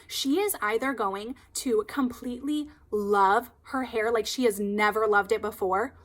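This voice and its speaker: Woman hairstylist, higher voice, chatty and animated, casual storytelling. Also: moderate pace, few pauses. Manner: chatty, animated, heavy use of "like".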